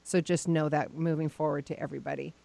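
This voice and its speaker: Lower-pitched woman hosting radio chat. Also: little pitch movement, quick pace, gravelly, dark tone. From United States. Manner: bursts into high incredulous laughter. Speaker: radio show host. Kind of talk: casual call-in radio chat.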